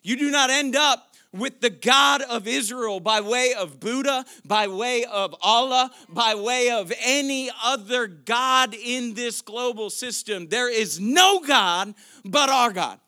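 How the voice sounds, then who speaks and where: A man pastor preaching a sermon, moving from quiet questions to loud, shouted declarations. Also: extremely high pitch, takes it slowly.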